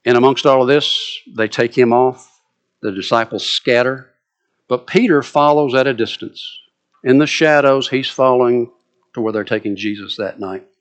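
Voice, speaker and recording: A man's voice: mid-range voice, normal speed, dull audio. A man preaching a sermon, retelling a story with drama and vivid asides.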